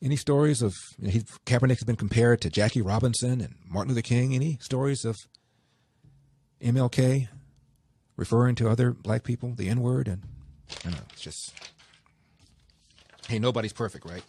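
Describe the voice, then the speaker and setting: A man's voice: medium pitch, a little fast, long pauses, mellow, slightly rough, no room sound, studio quality. A man hosting a talk radio show, reading quotes aloud with a sarcastic edge and taking calls.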